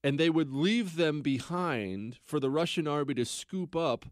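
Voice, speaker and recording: A man's voice: on the high side, a little slow, no room sound, studio quality. A man hosting a history podcast, telling the story conversationally and emphatically with asides to the listener. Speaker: podcast host.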